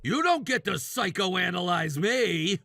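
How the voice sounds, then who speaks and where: A man voicing a demanding, sexist jobless brother-in-law in his thirties for a text message story, yelling orders and insults. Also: high-pitched, animated, unhurried, gravelly, no echo, studio quality, full character voice. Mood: angry. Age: 30s.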